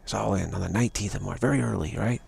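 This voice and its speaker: A man's voice: fairly low pitch, fast talker, creaky, a little mellow, slightly rough. A man giving a rambling spiritual talk on a live stream, repeating himself and restarting words often. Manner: repetitive, stumbling restarts, earnest. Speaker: spiritual teacher.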